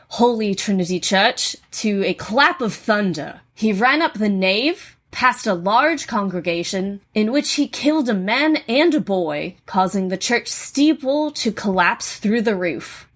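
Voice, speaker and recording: A woman from New England co-hosting a podcast, telling spooky folklore in a relaxed, casual way with plenty of ums and uhs. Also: medium pitch. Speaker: podcast co-host. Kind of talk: casual chat, storytelling folklore.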